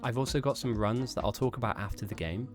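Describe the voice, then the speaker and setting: A man's voice: medium pitch, quick pace, soft background music. A man live-streaming esports commentary, chatting casually and self-mockingly with his viewers between calls of the action. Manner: chatty, self-mocking, rambling asides to chat.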